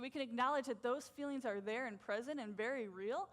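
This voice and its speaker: High-voiced woman preaching with emphasis. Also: brisk. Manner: animated, emphatic, repeats "like" often. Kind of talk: sermon.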